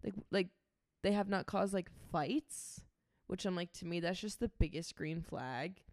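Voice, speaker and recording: A young woman with a lowish voice chats casually on a podcast, leaning on "like" as she talks. The sound is close and dry, with no room echo. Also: a little slow. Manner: relaxed, filler-heavy speech with many "like"s. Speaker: podcast co-host. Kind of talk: casual chat.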